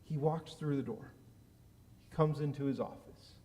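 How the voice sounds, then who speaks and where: A man giving a sermon as a rabbi, telling a personal story in an animated way that rises loud at key moments. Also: medium pitch, normal speed. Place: synagogue sanctuary. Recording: long reverb of a large hall.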